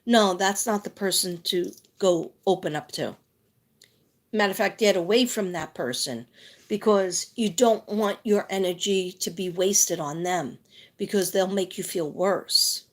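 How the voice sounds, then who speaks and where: A woman's voice: mid-range voice, unhurried. A woman doing a psychic tarot reading live, talking in a rambling, chatty way with lots of fillers.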